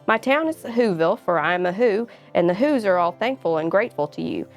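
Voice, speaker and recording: A woman's voice: medium pitch, lively intonation, a little fast, faint music behind, natural voice. A woman voicing a tiny male town mayor in a storybook, polite and grateful.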